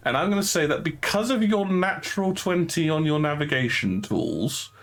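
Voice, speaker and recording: A man's voice: on the high side, expressive, normal speed. A man running a tabletop game as game master, narrating the scene and wryly teasing the players about their dice. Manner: wry, teasing about bad dice rolls.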